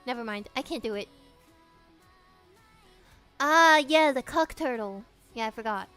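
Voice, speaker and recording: A young woman's high, girlish voice chats freely with her stream audience. She giggles through her answers, swears often and reads viewer questions back aloud. Soft music plays faintly underneath. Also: unhurried, pauses often. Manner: giggly and profane, reading chat questions aloud. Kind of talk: casual live-stream chat.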